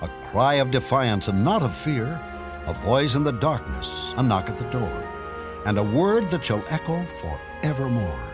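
Male narrator for a cartoon history story, measured, expressive, clear music underneath. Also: mid-range voice.

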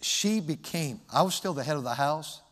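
A man's voice: fairly high pitch, animated, moderate pace, fairly bright tone, breathy edge, in a large hall. A male pastor preaching a sermon, telling a personal story in a reflective, folksy way.

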